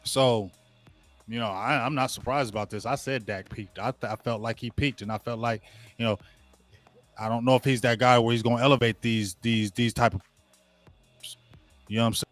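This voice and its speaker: A man of medium pitch speaks at normal speed in a steady tone, leaving long pauses, over soft background music with no room sound. He's a sports show host ranting casually and slangily at his viewers during a live watch-along, giving play-by-play of the game.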